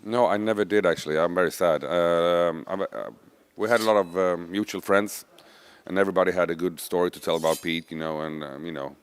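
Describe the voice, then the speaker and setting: A man's voice: deep voice, steady tone, fairly quick, a little hiss or hum. A man answering an interview question hesitantly, with many fillers.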